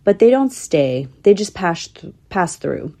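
A woman voicing a gentle, modest little squirrel who asks quiet questions. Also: lowish voice, very animated, unhurried, exaggerated voice.

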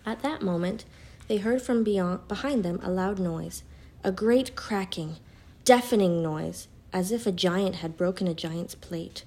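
A woman reading a children's storybook aloud in a calm, even narrating voice. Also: on the low side, a little slow.

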